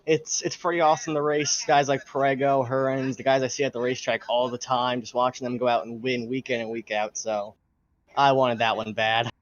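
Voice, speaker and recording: Male driver, post-race interview, mid-pitched, dull lo-fi voice chat audio, dry. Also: little pitch movement, a little fast, no echo. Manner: tired, frustrated, candid. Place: his room at home.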